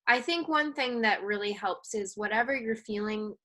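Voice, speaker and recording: High-voiced woman, gentle and earnest. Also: moderate pace. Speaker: guest expert on maternal mental health. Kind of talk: casual interview chat.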